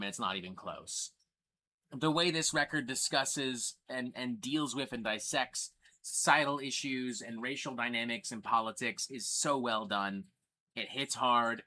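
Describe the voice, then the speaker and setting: Enthusiastic, bright-voiced man host. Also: medium pitch, a little hiss or hum. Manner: enthusiastic, swears freely. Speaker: livestream host. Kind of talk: casual livestream chat.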